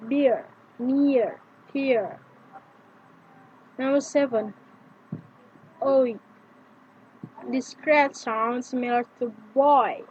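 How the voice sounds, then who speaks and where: Slow, careful young woman, high voice. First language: Indonesian. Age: young adult. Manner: slow and deliberate, repeats example words. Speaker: student presenting pronunciation lesson. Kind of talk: reading prepared lesson aloud. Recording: dull lo-fi with faint noise.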